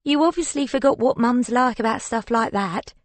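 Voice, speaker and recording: A woman's voice: a little high, moderate pace, no room sound, voice pushed up, natural voice. A woman voicing a blunt, teasing young sister in an audiobook, with a slangy, casual way of talking. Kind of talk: audiobook character voice.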